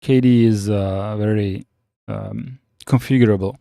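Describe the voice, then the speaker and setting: A man chatting casually on a live stream, reading out viewer comments and answering with frequent pauses and restarts. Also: on the low side, fairly even intonation, creaky, warm tone, no echo, studio quality. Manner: halting, many fillers and restarts, reads chat aloud.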